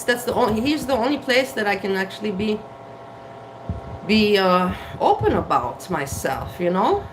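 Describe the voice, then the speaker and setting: A woman talks straight to her camera in a home kitchen, candid and blunt. She swears freely and laughs at herself. Her voice sits at an ordinary pitch, with a faint bed of room noise underneath. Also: fairly bright tone, rough recording. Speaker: vlogger. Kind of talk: candid casual talk to camera.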